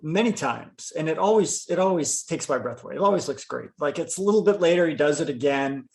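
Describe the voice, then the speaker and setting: A man's voice: a little high, expressive, brisk, creaky, a little mellow. A man co-hosting a podcast, talking about comics with enthusiasm and frequent stammering restarts. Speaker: podcast co-host. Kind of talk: casual comic book discussion.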